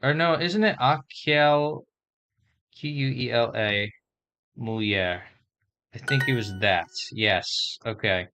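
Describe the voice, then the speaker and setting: A man vlogging casually as he learns a language, slowly sounding out and spelling words and thinking aloud. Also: medium pitch, a bit bright.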